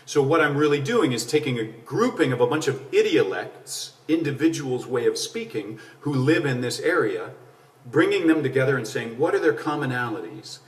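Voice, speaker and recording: A man's voice: mid-range voice, lively intonation, normal speed. Man explaining accents in a roomy space. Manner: clear, patient explaining with rhetorical questions. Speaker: accent coach. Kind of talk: explanatory talk to camera. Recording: roomy, slightly distant mic.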